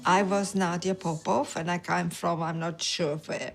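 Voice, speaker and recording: A woman's voice: on the low side, steady tone, measured pace, vocal fry, music in the background. An older English actress talking about her career in a chatty, self-mocking way, laughing easily. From England. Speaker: interviewed actress. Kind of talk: reminiscing interview.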